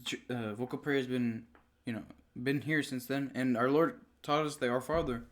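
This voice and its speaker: A man's voice: medium pitch, steady tone, normal speed. A young man co-hosting a podcast, reading aloud from a text and explaining it in a casual way, often stumbling and correcting himself. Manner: stumbling, self-correcting, conversational. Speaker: podcast co-host.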